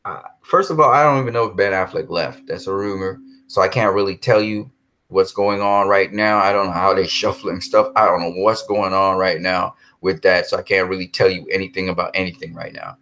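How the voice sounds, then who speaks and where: Low-pitched, brisk and sharp yet steady, this man's voice runs a heated, casual live stream. He goes over the same points repeatedly, talks directly to his audience, and reads aloud and answers chat comments.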